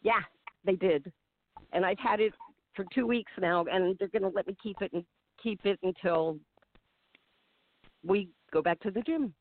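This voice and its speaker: A woman's voice: medium pitch, moderate pace, pauses often, no room sound. Caller, woman, upbeat, laughs a lot, phone-line sound, dry. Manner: bubbly, laughs often. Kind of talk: casual phone chat.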